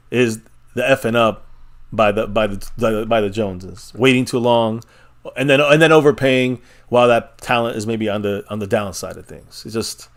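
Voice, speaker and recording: A man hosts a casual live stream for sports fans, talking in an everyday mid-range voice. He is opinionated and rambling, doubling back on his words and laughing at his own points. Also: mid-range voice. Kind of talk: casual sports fan chat.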